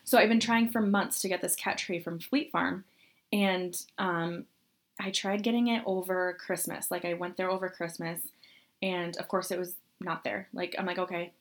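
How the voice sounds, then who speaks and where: A woman's voice: on the low side, steady tone, normal speed. A young woman co-hosting a casual chat, telling a long story with lots of laughs and acted-out quotes. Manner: chatty storyteller, laughs often, acts out quotes. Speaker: podcast co-host.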